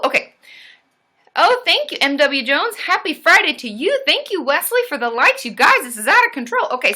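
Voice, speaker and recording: In a high voice, a woman hosts a live stream as a therapist, chatting casually and growing loud and excitable as she cheers.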